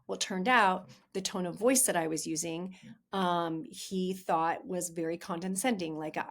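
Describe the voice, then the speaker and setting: A woman's voice: lowish voice, fairly even intonation, moderate pace. A woman hosting a podcast, giving relationship advice in a chatty, candid way and talking straight to her listeners. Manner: chatty and candid, addresses listeners as "you guys". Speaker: podcast host, relationship coach. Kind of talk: casual advice monologue.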